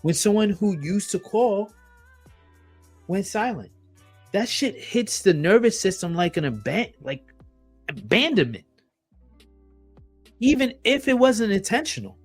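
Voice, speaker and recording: A man's voice: high voice, sing-song, measured pace, long pauses. Emphatic swearing man, faint music underneath. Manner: blunt and emphatic, swears often, repeats phrases. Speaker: podcast host. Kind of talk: solo podcast monologue.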